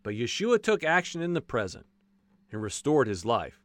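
A man preaching a casual, animated sermon, acting out voices from the stories and joking as he goes. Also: medium pitch, normal speed, no room sound. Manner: folksy, says "y'all" and jokes.

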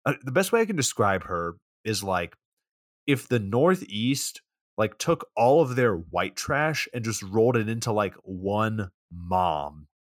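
Laid-back low-voiced man recapping. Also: expressive, unhurried, no room sound. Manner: laid-back plot recapping, dry sarcasm. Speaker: podcast co-host. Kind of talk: casual movie recap.

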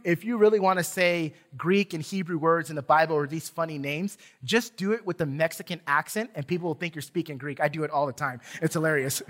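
A man's voice: high voice, a bit bright. A man preaching a sermon in a church, conversational and joking, often restarting his phrases. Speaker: pastor.

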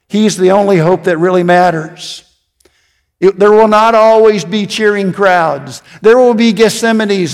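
A man pastor delivers a sermon in a high, lifted voice. He tells stories and sinks into quiet emphasis on the key phrases. His words carry a long reverb, as in a big hall. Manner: storytelling preacher, dropping to quiet emphasis.

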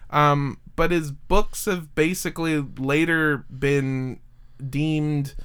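Young guy podcast host, smooth clear voice, kinda high, rambly and jokey. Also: fairly even intonation, slow pace, fairly bright tone. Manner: rambling, filler-heavy, jokey. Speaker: podcast host telling a story. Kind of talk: casual storytelling chat.

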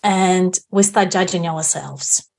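A woman appears as a podcast guest, reflectively explaining a self-help practice and often checking in with a "right?" tag question. Her voice is fairly low-pitched, slow and gravelly, with a darkish tone.

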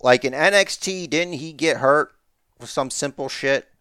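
A man's voice: a little high, a little slow, sharp tone, clean tone, dry recording, studio quality. A man co-hosting a podcast, chatting casually with lots of restarts and jokes. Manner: rambling, joking, many restarts. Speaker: podcast co-host. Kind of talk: casual wrestling chat.

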